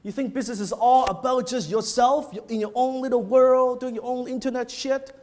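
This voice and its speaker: A man impersonating an older male seminar teacher harshly scolding a student, swearing as he yells. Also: very high voice, fairly even intonation, normal speed, pitched above the performer's own voice.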